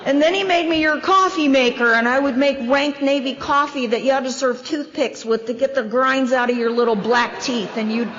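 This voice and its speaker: A woman's voice: high-pitched, fairly bright tone. A woman in her fifties or older giving a wry, self-deprecating recovery share as a convention speaker at a podium microphone. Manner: wry, self-deprecating storytelling with quick asides. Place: large hall. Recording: dull, echoey hall recording.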